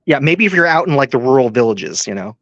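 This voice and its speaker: A man's voice: mid-range voice, expressive, fast talker, a bit bright, no room sound, dull audio. A man chatting as a guest, hesitant and stammering, often repeating his words. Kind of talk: casual podcast chat.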